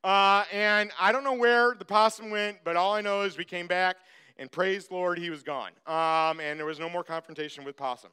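Guy preaching in church, high bright voice, tells a farm story to make his point. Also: moderate pace, clean tone. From grew up on a farm. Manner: storytelling, animated when acting out the story. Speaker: pastor. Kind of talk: sermon with personal story.

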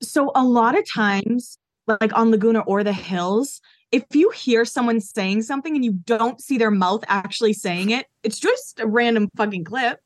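A woman's voice: a little high, moderate pace, no room sound, clean studio sound. A woman in her thirties, a podcast guest chatting casually and explaining reality-show details matter-of-factly. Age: 30s.

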